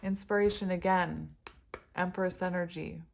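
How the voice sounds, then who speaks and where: A woman's voice: on the low side, fairly even intonation, moderate pace, gravelly, a little hiss or hum. A woman giving a casual tarot reading to her viewers, emotional and tearful, laughing often as she talks about spiritual love and energy. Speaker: tarot reader.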